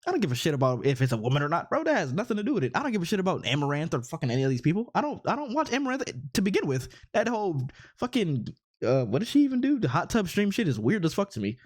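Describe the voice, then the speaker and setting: A man's voice: a little high, wildly swooping pitch, racing. A man giving an exasperated, profane rant as commentary on online posts, repeatedly incredulous. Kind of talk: ranting commentary on social media posts.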